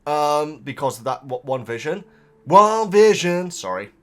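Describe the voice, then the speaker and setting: A male host reads out viewer comments while chatting casually to camera, rambling, cutting himself off and laughing often. His voice is mid-range at a normal speed.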